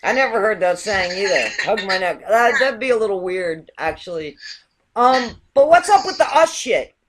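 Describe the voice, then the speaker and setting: A woman's voice: mid-range voice, lively intonation, moderate pace, a little hiss or hum. A woman hosting a casual chat show, asking curious, rambling questions. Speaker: host.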